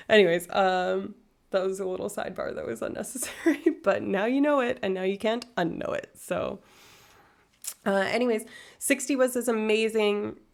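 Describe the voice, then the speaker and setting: Woman in her 30s, livestream host, chatty and rambling, with a gravelly fry in her voice. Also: medium pitch. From far north Alberta, Canada. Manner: rambling, tangent-prone, self-deprecating. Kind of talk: casual chat reading viewer comments.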